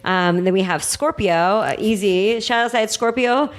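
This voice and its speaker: A woman astrologer guesting on a podcast, chatty and animated, talking casually with plenty of fillers. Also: mid-range voice, normal speed.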